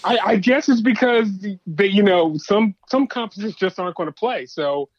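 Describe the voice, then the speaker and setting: A man's voice: high voice, animated, moderate pace, no echo, dull audio. Joking hesitant podcast guest, man. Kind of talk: casual chat.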